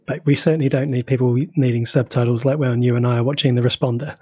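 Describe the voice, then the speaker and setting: A chatty, playful man with a Bristol accent, co-hosting a podcast. His voice has a slightly husky grain, and it sits dry and close with no room around it. He sounds relaxed and jokey. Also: mid-range voice, fast talker, dry recording. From Bristol, Somerset, England. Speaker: podcast co-host. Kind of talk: casual chat.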